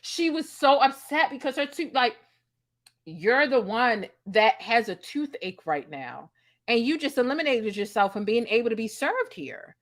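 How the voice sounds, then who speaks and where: A woman's voice: on the high side, very animated, unhurried, fairly bright tone. A woman in her thirties telling a story in a casual, sassy and profane way, acting out the dialogue. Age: 30s. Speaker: host.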